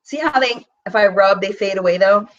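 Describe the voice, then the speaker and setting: A woman hosting a casual live-stream about makeup, talking in a chatty, animated way with bursts of mock disbelief as she swatches products. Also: mid-range voice, fairly quick, distant mic, dull audio. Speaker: beauty vlogger hosting a live chat.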